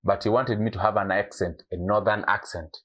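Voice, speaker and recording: A young man from Eastern Uganda talks as a podcast guest with a fairly low voice. He tells his story in a loose chat and often slips into quoted lines. He restarts his sentences now and then. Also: steady tone, fairly quick, fairly bright tone, slightly rough. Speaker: guest actor. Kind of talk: casual podcast interview.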